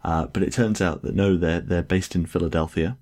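A man with an exceptionally deep, low voice talks in easygoing podcast chat. He is chatty and fond of small jokes, and his talk wanders loosely with fillers as he goes. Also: steady tone, brisk, a little mellow. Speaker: podcast co-host. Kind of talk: casual chat.

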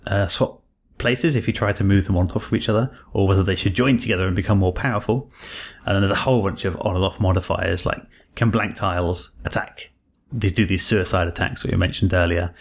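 A man with a fairly low, gravelly voice chats casually as a podcast co-host. He is easygoing and laughs readily, with hesitant fillers. His words come with an audible vocal fry. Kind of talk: casual chat.

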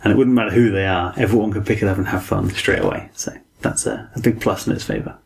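Game podcast co-host: easygoing man, lowish gravelly voice. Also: fairly even intonation, fast talker, slight background noise. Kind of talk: casual game review chat.

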